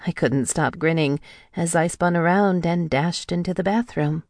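Low, gravelly woman narrating a novel. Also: normal speed, dry recording, clean studio sound. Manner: even storytelling read, lightly acting out the heroine's lines. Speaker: audiobook narrator. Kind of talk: first-person novel narration.

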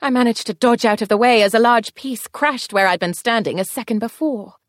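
A woman's voice: on the high side, fairly quick, no room sound, clean studio sound. A woman narrating a first-person fantasy story in an audiobook, telling it expressively. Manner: expressive, tense storytelling pace shifts.

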